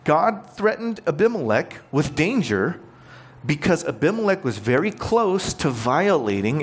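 Lively, fairly high-voiced male preacher. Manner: explains scripture plainly, asks the listeners questions. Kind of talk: conversational expository sermon.

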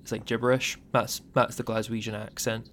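A man's voice: mid-range voice, level tone, moderate pace, over a noisy crowd. A man from Scotland with a Fife Scottish accent, hosting a casual podcast chat and joking around with his guests. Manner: joking, laughs often. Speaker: podcast host.

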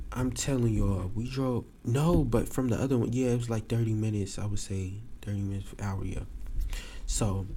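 A man telling a story to his podcast listeners in a casual, animated way. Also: lowish voice, a little hiss or hum. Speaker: podcast host.

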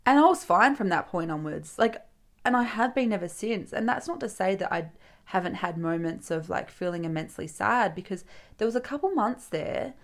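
Young woman podcaster, chatty and candid storyteller who swears, middle pitch. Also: expressive, moderate pace. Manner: chatty, swears freely, acts out friends' lines. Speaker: podcast host. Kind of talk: casual solo podcast storytelling.

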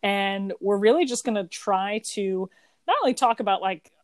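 A woman's voice: medium pitch, normal speed, no echo. A woman in her thirties, co-hosting a podcast, chatting at length in a rambling, think-aloud way. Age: 30s. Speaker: podcast co-host. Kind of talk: casual chat.

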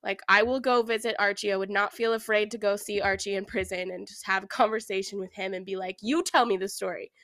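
A woman's voice: medium pitch, flat delivery, fast, few pauses, fairly bright tone, no room sound. A woman co-hosting a true crime podcast, telling the story in a casual, chatty way with lots of fillers. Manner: chatty, many "like"s and "I don't know"s. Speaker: podcast co-host.

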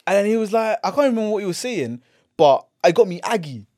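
A young man with a London accent telling a story on a casual podcast, acting out what people said with slangy, lively delivery. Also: high voice, quick pace, no room sound, clean studio sound. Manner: animated, acts out quotes, slangy. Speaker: podcast host.

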